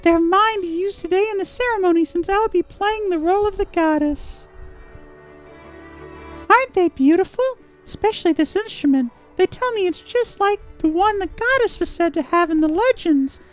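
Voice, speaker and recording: A man's voice: very high voice, moderate pace, soft background music, pitched above the performer's own voice. Zelda, a sweet young girl, as a man puts her on. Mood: gushing.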